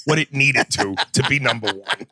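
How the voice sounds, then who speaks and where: A man's voice: medium pitch, moderate pace, sharp tone, husky, no room sound. A man co-hosting a podcast in casual chat, blunt, profane and joking. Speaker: podcast co-host.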